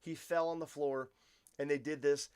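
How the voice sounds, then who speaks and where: A man's voice: a little high, steady tone, moderate pace, very noisy. A man giving casual, opinionated livestream commentary, firing rhetorical questions at his viewers and often restarting his sentences. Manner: addresses viewers as folks. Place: Poland.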